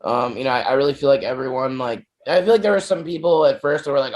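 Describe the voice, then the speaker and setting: A man guest chatting casually, heavy on fillers like "like" and "dude", easily excited. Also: medium pitch, fast talker. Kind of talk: casual interview chat.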